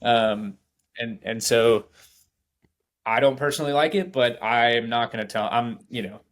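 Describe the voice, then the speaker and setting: A man's voice: medium pitch, unhurried. A man who is a musician, chatting casually and hesitantly on a podcast. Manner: hesitant, many fillers. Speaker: musician guest. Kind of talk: casual chat.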